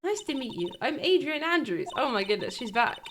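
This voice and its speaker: A woman voicing a composed, reserved woman managing an exhibit, speaking in a soft, measured way. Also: sits high, big pitch swings, slight background noise, full character voice. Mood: polite.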